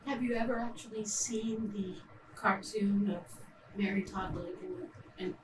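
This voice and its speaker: A woman's voice: medium pitch, fairly even intonation, a little slow, slight background noise. Distant woman in an echoey audience. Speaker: audience member. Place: theater auditorium.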